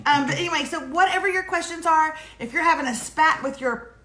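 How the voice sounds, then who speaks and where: A woman's voice: high-pitched, brisk, bright, forceful tone. A woman co-hosting a casual morning show, joking and telling stories in a chatty, teasing way. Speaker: co-host of a morning livestream. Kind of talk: casual chat. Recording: roomy echo with faint noise.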